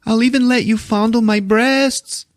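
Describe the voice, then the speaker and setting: A man putting on the voice of a nervous young woman on a date, in a high pleading falsetto. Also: fairly even intonation, measured pace, dry recording, clean studio sound. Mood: worried, pleading.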